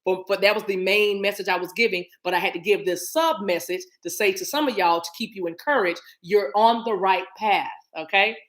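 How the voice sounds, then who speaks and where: A middle-aged woman giving a casual spiritual card reading to viewers, animated and encouraging, acting out little scenes with sounds. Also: mid-range voice, fairly quick, few pauses. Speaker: spiritual reader.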